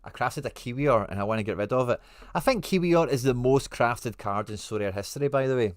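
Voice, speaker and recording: A man's voice: medium pitch, fairly quick, dry recording, clean studio sound. A man with a Scottish accent hosting a casual livestream, reading out viewer comments and answering them in informal, friendly slang. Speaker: livestream host.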